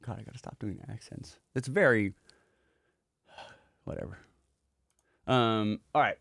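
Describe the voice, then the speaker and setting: A man's voice: fairly low pitch, unhurried, creaky, long pauses, a bit bright, no echo, studio quality. A man who is a music producer, walking through a project in a casual livestream, talking loosely and rambling with casual swearing.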